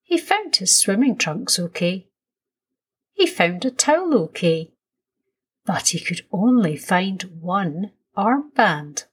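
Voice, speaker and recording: Woman reading a kids story aloud, slow and soothing, slightly husky voice. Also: fairly low pitch, animated. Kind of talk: children's story read aloud.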